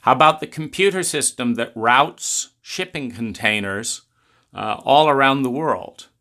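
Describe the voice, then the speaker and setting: A man giving an unhurried philosophical talk, making his points with drawn-out emphasis and pointed rhetorical questions. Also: mid-range voice, sharp tone.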